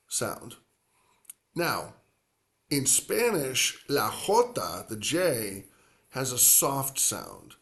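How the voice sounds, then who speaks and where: Male language teacher, slow and rambling, stretches out each word he drills. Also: mid-range voice, wildly swooping pitch, gravelly, fairly bright tone. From grew up near the Atlantic coast. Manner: rambling, filler-heavy explaining, drawn-out repeated Spanish words. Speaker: Spanish teacher. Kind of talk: language lesson.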